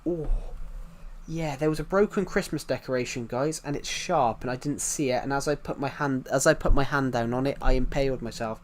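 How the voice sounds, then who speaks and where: A British man on a casual live stream, talking at an ordinary mid pitch. He rambles loosely, circles back to repeat the same points, and greets and answers his chat as he goes. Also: fairly quick, slight background noise. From United Kingdom.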